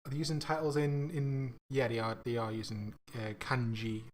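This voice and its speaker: A man streaming himself coding, thinking aloud in a casual, halting way, often trailing off and laughing at his own mistakes. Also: medium pitch, level tone, slight background noise. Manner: slow, halting, self-mocking, laughs at himself.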